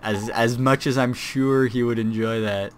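A man's voice: medium pitch, fairly even intonation, measured pace. A young man giving casual, self-deprecating commentary on a strategy game replay, with fillers and restarts.

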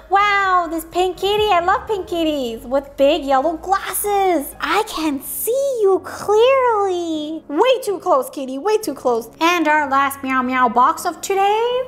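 A woman's voice: extremely high pitch, animated, slow. A woman hosting a playful toy-unboxing video, sing-song and silly, sometimes dropping to a whisper.

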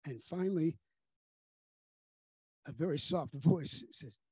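Male pastor, earnest sermon storyteller with a higher, husky voice that hushes for grave moments. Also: moderate pace, pauses often, no room sound. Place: church sanctuary.

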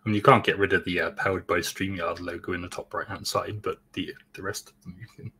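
A man's voice: low voice, steady tone, fast talker, sharp tone, slightly rough. A British man, a guest on the stream, chatting casually with dry, sarcastic remarks. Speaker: guest co-host. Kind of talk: casual chat.

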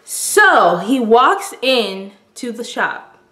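A young woman retells a mishap for her vlog in a breathless, dramatic way, and "like" fills her sentences. Her voice sits a little high. The room around her echoes. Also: big pitch swings, drawn-out words, pushed and bright. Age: young adult. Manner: breathless and dramatic, heavy use of "like". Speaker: vlogger. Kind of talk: story-time retelling.

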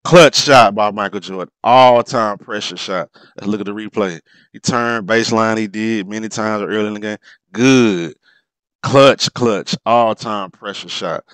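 A man's voice: lowish voice, normal speed, fairly bright tone, smooth, no echo. A man commenting on old basketball game footage, talking informally with frequent exclamations and laughs at mistakes. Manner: informal, drops verb endings. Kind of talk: excited play-by-play commentary over a replay.

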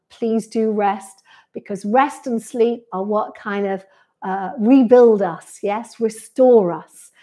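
A pilates instructor chats on a live stream from a sunny indoor room, reading viewer comments aloud and answering each one in a friendly way. Her voice is medium in pitch with a dark tone.

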